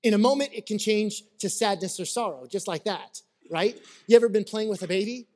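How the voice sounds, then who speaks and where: A man's voice: sits high, a little fast, darkish tone. A man preaching a sermon in a conversational, storytelling way, acting out little scenes and checking in with his listeners. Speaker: pastor.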